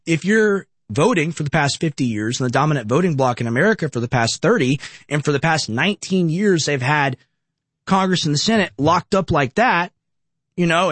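A man's voice: fairly high pitch, no echo. Young man ranting on political talk. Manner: emphatic, ranting, repeats rhetorical questions. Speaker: political commentary host. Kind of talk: opinionated political commentary.

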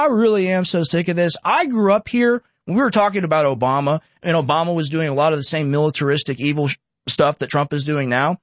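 Sarcastic guy from texas ranting on his politics show, kinda high voice, reads articles with snarky asides, dead dry sound. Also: no room sound. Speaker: political commentary host. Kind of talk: opinionated political monologue.

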